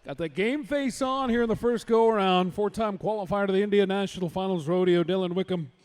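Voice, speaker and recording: A man's voice: high-pitched, fairly quick, a little mellow. A man announcing a live rodeo, giving upbeat introductions of riders.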